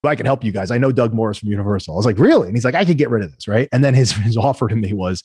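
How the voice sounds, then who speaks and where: A man, a guest entrepreneur, telling business stories in a lively, conversational way and acting out the other people in them. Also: on the low side, racing, slightly rough, no echo, clean studio sound. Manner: animated, acts out quoted voices. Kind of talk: conversational storytelling.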